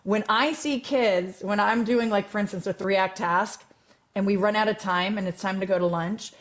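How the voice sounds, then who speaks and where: A woman math teacher as an interview guest, chatting casually and animatedly with many fillers and restarts. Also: medium pitch.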